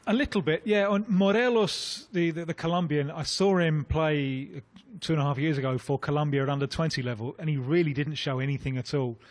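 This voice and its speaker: A man's voice: on the high side, brisk. A man giving informed football punditry on a radio phone-in, in an assured, explanatory manner.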